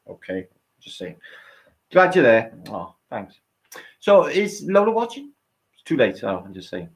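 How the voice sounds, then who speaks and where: Guy on a late night stream, rambling and swearing a lot, answering chat, normal mid voice. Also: mid-range voice. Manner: rambling, sweary, chatty with the audience. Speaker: livestream host. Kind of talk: late-night casual chat reading viewer comments.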